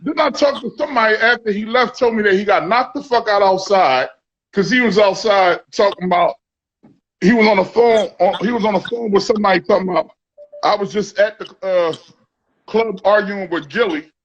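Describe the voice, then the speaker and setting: A man's voice: high-pitched, moderate pace, muffled recording. A man hosting a casual talk, telling a story with lots of profanity and quoted dialogue. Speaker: podcast host.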